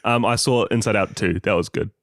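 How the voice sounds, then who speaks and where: A man's voice: fairly low pitch, a little fast, fairly bright tone, no echo, studio quality. A young man with a New Zealand accent co-hosting a podcast, bantering and teasing his co-host. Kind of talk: casual chat.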